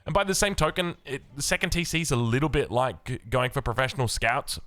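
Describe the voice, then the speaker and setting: A young Australian man casting a strategy game match in upbeat, chatty play-by-play, his voice a little rough from the early morning. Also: mid-range voice, lively intonation, quick pace, a bit bright, no room sound. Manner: upbeat, chatty, with casual fillers. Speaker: game caster. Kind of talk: esports play-by-play commentary.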